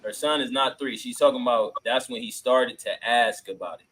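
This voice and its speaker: A man's voice: mid-range voice, moderate pace, fairly bright tone, slightly rough, poor audio. Laid-back slangy male podcast host. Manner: laid-back, slangy, many filler ums. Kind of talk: casual chat reacting to clips.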